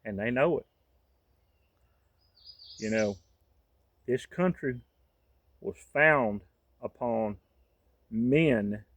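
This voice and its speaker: A man's voice: mid-range voice, expressive, slow pace, long pauses, no room sound. Folksy man ranting to camera. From United States. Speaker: vlogger. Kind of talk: impassioned monologue to camera.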